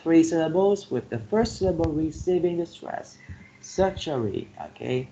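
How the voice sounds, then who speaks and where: A male teacher going through a vocabulary exercise, slowly repeating each word and filling pauses with "like" and "okay". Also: a little high, expressive, dark tone. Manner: slow, repeats words to drill pronunciation; filler-heavy, says "like" and "okay" often. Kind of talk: classroom lesson on word stress. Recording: dull lo-fi classroom recording with faint noise.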